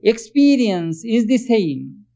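A man's voice: sits high, big pitch swings, gravelly, mellow. A man giving a religious discourse, earnestly explaining and often asking his listeners questions. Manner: earnest, questions listeners, chants Sanskrit verses quickly. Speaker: spiritual teacher. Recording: dull lo-fi recording.

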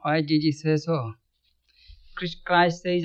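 High-voiced man giving a spiritual talk. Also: little pitch movement. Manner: measured, thoughtful pacing with frequent restarts. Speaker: swami teaching scripture. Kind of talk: spiritual talk explaining scripture. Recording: dull lo-fi recording.

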